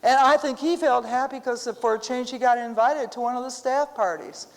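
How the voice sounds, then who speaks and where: Speaking at a normal pace in a slightly high voice, a woman teaches a sermon in a church hall with plenty of reverb. She's a Bible teacher who tells personal stories with animation, talking directly to her audience in a casual way.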